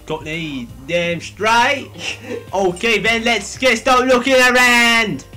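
A young adult doing a drunken comic dub of game dialogue, giggly and slipping into put-on high voices. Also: slow pace, sharp tone, faint music behind. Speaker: player voicing game dialogue.

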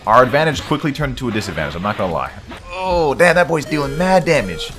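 A gaming YouTuber with a medium-pitched voice talks quickly over music, delivering hyped let's-play commentary loaded with slang. He gets excitable and keeps hyping himself up while playing.

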